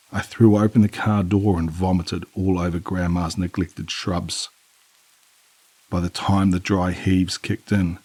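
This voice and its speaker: A male narrator reads a horror story in a measured, somber way. His voice is very low and husky, and the close mic sounds dry with no room. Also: darkish tone, dry recording. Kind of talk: scripted narration.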